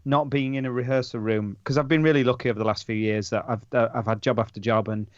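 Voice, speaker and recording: A man's voice: mid-range voice, fairly even intonation, fast talker, dry recording. A man hosting a chat show, talking heartfelt and emotional. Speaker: podcast host. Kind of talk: casual chat. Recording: dry, dull lo-fi recording.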